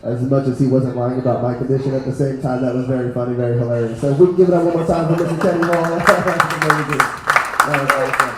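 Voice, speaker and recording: A man hosting a live comedy show, introducing the acts with quick, upbeat words. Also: medium pitch, fairly even intonation. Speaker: show host. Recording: noisy echoey live room.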